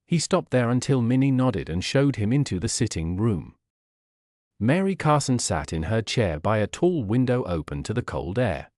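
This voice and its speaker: Casting: male audiobook narrator for learners, clear and plain, lively pitch, dry close sound. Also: dry recording.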